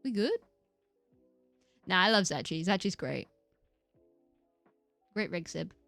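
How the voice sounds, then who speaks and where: A woman streaming a game, chatting casually, giggly and rambling, with lots of upward inflections and a slightly croaky voice. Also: lowish voice, animated, slow pace, a bit bright, no room sound, soft background music. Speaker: VTuber streamer. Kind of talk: casual live-stream chat while gaming.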